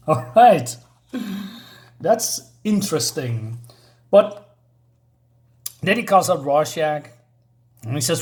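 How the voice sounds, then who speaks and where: Man, fairly high voice, hesitant, fillers, casual comic review. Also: very animated, slow, long pauses. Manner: hesitant, many fillers, chuckling asides.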